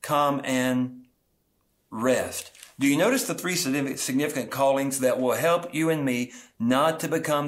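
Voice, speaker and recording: Earnest pastor preaching a slow sermon. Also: male voice, medium pitch, a bit bright.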